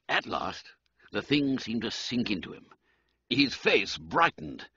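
A man's voice: medium pitch, big pitch swings, slow, sharp tone, slightly rough, dry recording, dull audio. A man narrating a comic story theatrically, voicing every character. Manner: theatrical, swooping, playing all characters. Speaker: audiobook narrator.

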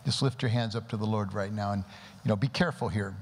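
A man's voice: fairly low pitch, fast, husky. A man preaching a sermon to a church congregation, praying aloud and pressing listeners with rhetorical questions. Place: church service before a congregation. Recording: long hall reverb with faint background noise.

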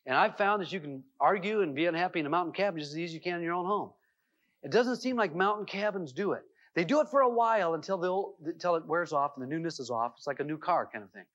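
A middle-aged man telling a personal story in a self-help seminar talk, folksy and animated, with lots of fillers and restarts. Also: a little high. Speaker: seminar speaker. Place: seminar room. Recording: dull lo-fi VHS tape audio.

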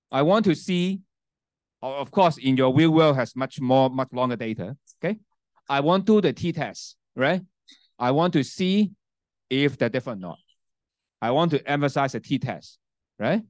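A man's voice: mid-range voice, no echo, studio quality. A man teaching a university class and demonstrating a spreadsheet, often checking in with "okay?" and "right?" and restarting sentences. His first language is Cantonese. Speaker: university lecturer. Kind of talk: classroom lecture with software demo. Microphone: handheld mic, sometimes set down.

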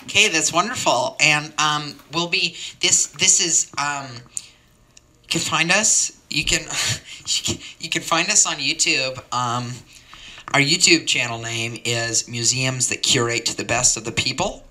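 Man, open-mic comic storyteller, very bright tone, rambling tangents, mock-earnest. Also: fairly high pitch, measured pace. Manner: stumbling sign-off full of fillers. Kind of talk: improvised comic monologue.

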